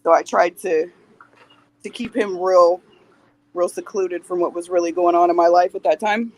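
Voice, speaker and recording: A woman's voice: lowish voice, steady tone, normal speed, poor audio. A woman in her forties, a podcast guest speaking candidly in a blunt, plain-spoken way and swearing freely. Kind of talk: candid interview talk.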